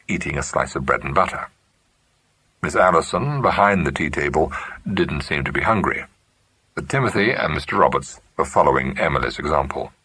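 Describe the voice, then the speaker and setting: A man giving a measured, expressive narration of a classic mystery novel. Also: extremely low pitch, slightly rough. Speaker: audiobook narrator. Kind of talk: scripted narration.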